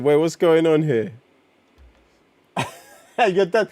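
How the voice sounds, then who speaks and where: Slangy streamer. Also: male voice, a little high, takes it slowly, pauses often, no echo. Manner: slangy and excitable, reacting to chat. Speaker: streamer reading comics. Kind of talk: casual live-stream chat.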